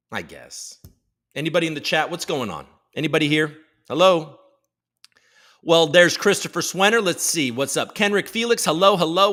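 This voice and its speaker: A man hosting a casual livestream chat, energetic and joking, swearing freely as he greets chatters by name. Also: a little high. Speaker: livestream host.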